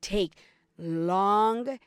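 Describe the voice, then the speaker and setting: A woman's voice: medium pitch, very slow, clear, resonant tone, no room sound, clean studio sound. A young woman vlogger telling a personal story in a candid, chatty way, talking straight to her viewers.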